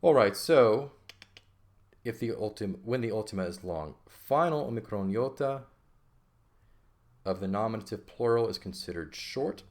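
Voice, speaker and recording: A man's voice: lowish voice, expressive, moderate pace, pauses often, a little mellow. A man teaching a recorded Greek grammar lesson, explaining patiently and checking in with frequent "okay?" as he writes.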